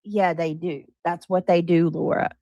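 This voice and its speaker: A woman's voice: fairly low pitch, fairly even intonation, moderate pace, warm tone, dry recording, highs cut off. A woman hosting a livestream, talking to her chat in an emphatic, defensive way. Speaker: livestream host.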